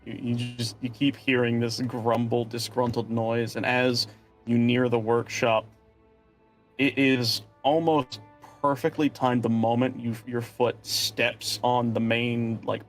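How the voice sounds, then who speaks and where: A young man running a tabletop game as game master, narrating casually with fillers and restarts. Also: medium pitch.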